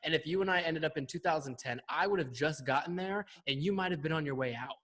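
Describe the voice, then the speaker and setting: A man's voice: fairly high pitch, fast talker, fairly bright tone. A man in his twenties hosting a podcast, asking enthusiastic, leading questions in a casual chat. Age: 20s. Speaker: podcast host. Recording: long reverb.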